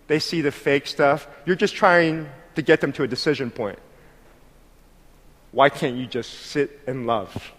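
A man delivers an animated sermon with a high, ringing voice. He slips into other people's voices and climbs to shouted praise, his words hanging in a long hall reverb. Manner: lively, acts out voices, builds to shouted praise. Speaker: pastor.

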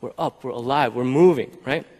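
A man preaching a sermon as pastor, talking in a conversational way and often checking in with the listeners with a quick "right?". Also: mid-range voice, darkish tone, big-room sound. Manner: conversational, keeps asking "right?".

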